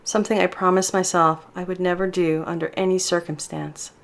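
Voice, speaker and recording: A woman voicing a grieving young woman who quietly pleads for forgiveness. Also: lowish voice, flat delivery, brisk, creaky.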